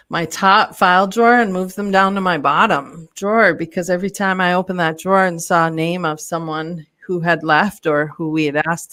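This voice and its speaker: A woman's voice: fairly low pitch, a bit bright, no room sound. Woman restaurant owner chatting on a podcast, open and candid, tells stories. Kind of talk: casual interview chat.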